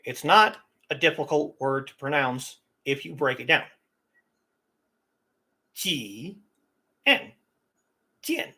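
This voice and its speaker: A man's voice: mid-range voice, steady tone, moderate pace, hardly any pauses, sharp tone. A man hosting a casual livestream, talking in an opinionated, emphatic way about getting pronunciation right. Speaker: livestream host.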